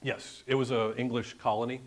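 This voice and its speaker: In a meeting room with an audience, a guest presenter at a bird club meeting shares slides from a birding trip, keeping it chatty and joking with frequent asides. His mid-range voice has little pitch movement and runs a little fast, with slight background noise.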